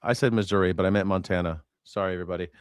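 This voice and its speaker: A man's voice: low voice, fairly even intonation, very fast, clear, resonant tone, no room sound, studio quality. A man hosting a live news reaction show, talking casually in a rambling, profane way and correcting himself as he goes.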